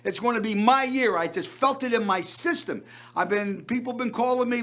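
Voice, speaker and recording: A man's voice: sits high, normal speed, fairly bright tone. An older man hosting a variety show, delivering an effusive showman's monologue and repeating words for emphasis.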